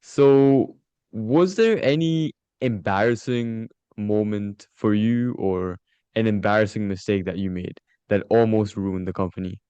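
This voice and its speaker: Deep, mellow male interviewer. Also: clear, resonant tone, no room sound, lo-fi sound. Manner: measured, polite questioning. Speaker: interview host, performance coach. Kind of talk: podcast interview questions.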